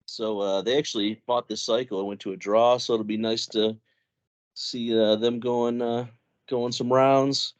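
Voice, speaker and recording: Halting casual male podcast host. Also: medium pitch, level tone, highs cut off. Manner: halting, restarts phrases, laughs often.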